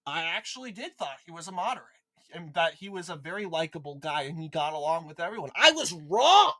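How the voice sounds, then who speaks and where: A man's voice: on the high side, quick pace, bright, forceful tone. A man from Minnesota giving an opinionated political rant, indignant and combative, firing off rhetorical questions. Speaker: political commentator.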